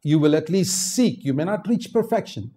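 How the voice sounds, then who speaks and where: An older male preacher from India delivers a sermon with a mellow, warm tone that sits a little high for a man. He drops to quiet asides, then rises into loud, emphatic exhortation. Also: animated, normal speed, husky.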